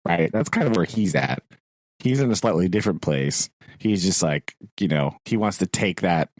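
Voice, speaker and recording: A man's voice: low-pitched, lively intonation, moderate pace, darkish tone, no echo, poor audio. A man co-hosting a podcast, chatting casually and animatedly about a novel, laughing often and quoting characters. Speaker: podcast co-host. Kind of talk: casual book discussion.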